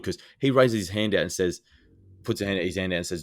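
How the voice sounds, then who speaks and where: A man's voice: sits low, fast, no room sound, clean studio sound. A man co-hosting a podcast, eagerly retelling scenes in casual chat with lots of fillers. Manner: excited, rambling scene retelling with many fillers. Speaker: podcast co-host.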